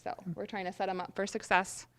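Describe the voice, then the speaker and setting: A woman teacher presenting her group's plan to a workshop, earnest with frequent pauses. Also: mid-range voice, little pitch movement, fairly bright tone, smooth.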